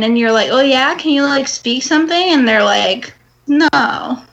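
A woman's voice: a little high, a little slow, muffled recording. Blunt, giggly woman with a raised voice. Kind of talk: casual chat.

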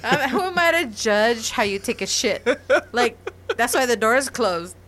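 A woman's voice: fairly high pitch, lively intonation, normal speed, fairly bright tone. A woman in her thirties in a casual chat, blunt and laughing often, swearing freely.

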